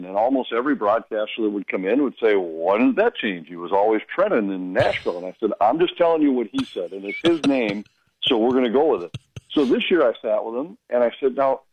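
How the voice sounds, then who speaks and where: A man who works as a hockey broadcaster, telling stories in casual radio chat with an animated, amused manner. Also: mid-range voice, slightly rough, no room sound, highs cut off.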